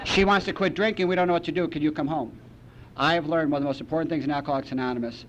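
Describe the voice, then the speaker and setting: Male speaker at a recovery meeting, slightly high voice, deadpan wry delivery; muffled tape with faint hiss. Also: racing. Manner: wry storytelling with deadpan asides.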